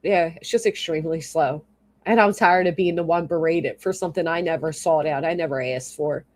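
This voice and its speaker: A woman's voice: low-pitched, brisk. A woman ranting angrily on her livestream, swearing often and stopping to thank people in her chat. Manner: angry, profane, exasperated; reads and thanks chat commenters. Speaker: YouTube livestreamer. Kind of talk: livestream rant.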